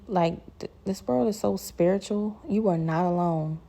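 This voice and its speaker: A woman's voice: medium pitch, fairly even intonation, normal speed, creaky, dark tone. A woman giving an earnest personal faith testimony to her viewers, emphatic and repeating her phrases. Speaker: christian content creator.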